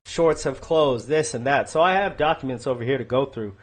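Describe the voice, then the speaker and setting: A man's voice: medium pitch, fairly quick. A man in his thirties hosting a livestream, rambling casually about markets and chatting with viewers. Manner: rambling, thinks aloud, chats with viewers. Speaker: livestream host. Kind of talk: casual livestream commentary on stocks.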